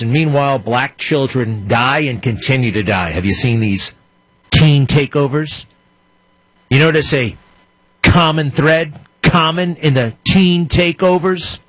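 Sarcastic guy ranting on talk radio, kinda husky, dry close mic. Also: mid-range voice, no room sound, low-quality recording. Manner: sarcastic, mocking asides and put-on voices. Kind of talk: opinionated radio monologue.

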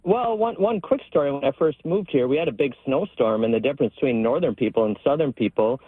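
A man's voice: mid-range voice, expressive, fast talker, slightly rough, no echo, narrow, tinny audio. A man with an Upper Midwest accent, from Wisconsin, calling in to a radio show to tell a story. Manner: chatty, laughing. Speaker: caller. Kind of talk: call-in story.

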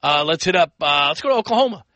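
An American man hosting call-in sports radio, his voice pitched high and very bright. He talks fast in bursts, rambles and acts out quoted people, all of it recorded close and dry. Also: expressive, no room sound.

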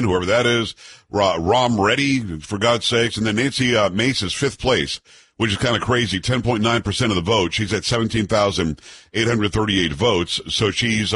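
A man's voice: lowish voice, moderate pace, fairly bright tone, breathy edge. A man hosting a solo political commentary show, blunt and sarcastic, reading news items aloud and adding his own opinions.

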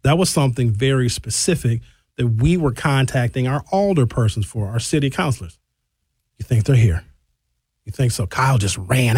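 This male host of a radio talk show reads listener texts aloud in the studio and replies in a frank, chatty way over a studio microphone. His medium-pitched voice sounds a little mellow and slightly rough, and there's no room sound.

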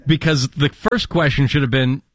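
A man's voice: mid-range voice, steady tone, normal speed, dry recording. A man co-hosting a commentary show, talking emphatically and incredulously. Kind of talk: opinionated political commentary.

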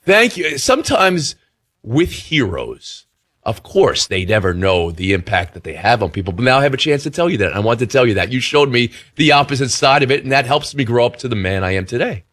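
A male sports radio host talks with excited, emotional energy. His voice is slightly hoarse and cracking. His pitch swings widely from phrase to phrase, and his voice sits at a middle pitch for a man. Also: a little fast.

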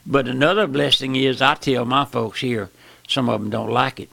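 A man preaching a sermon with impassioned pitch jumps, slowing down for emphasis and calling out "my friend" often. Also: fairly even intonation, creaky, fairly bright tone, no room sound.

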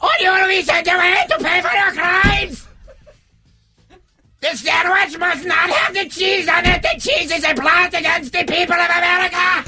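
Screeching ranting dictator. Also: male voice, very high-pitched, voice pushed up. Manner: bellowing, stiff, oratorical shouting. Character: ranting shouting male dictator raging over cheese. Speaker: radio host doing an impression.

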